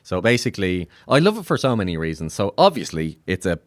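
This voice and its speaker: A man's voice: fast, no echo, studio quality. A man in his thirties from Ireland with an Irish accent, a comedian chatting jokily on a podcast. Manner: animated, jokey, swings up in pitch with laughter. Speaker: comedian guest. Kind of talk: casual podcast chat.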